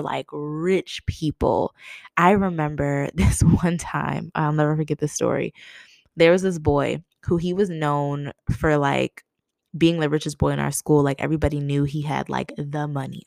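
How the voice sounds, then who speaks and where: Young woman telling a story, low voice, dry close sound, laughs and acts out what she said. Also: gravelly, no echo. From Massachusetts, USA. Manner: animated, laughing, quoting herself in a higher voice. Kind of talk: casual storytelling.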